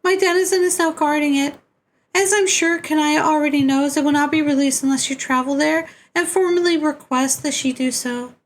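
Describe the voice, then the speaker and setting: A woman's voice: high voice, steady tone, moderate pace, voice pushed up, close to an everyday voice. A man voicing a chirpy young female guide in a sing-song manner, reading a webcomic aloud with voices. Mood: cheerful instructing.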